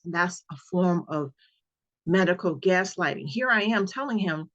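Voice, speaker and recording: In this personal story, a woman recounts her experience as a patient with earnest emphasis, frequently repeating important words. Her voice is lowish and fairly bright, with lively intonation at a normal speed, captured on a dull, lo-fi recording.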